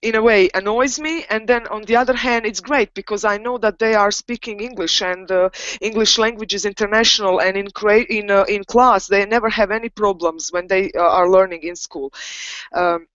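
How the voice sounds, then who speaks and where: A woman's voice: medium pitch, fairly even intonation, moderate pace, a bit bright, no echo. Woman, hesitant, filler-heavy, dry dull audio. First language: Croatian. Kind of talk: casual discussion.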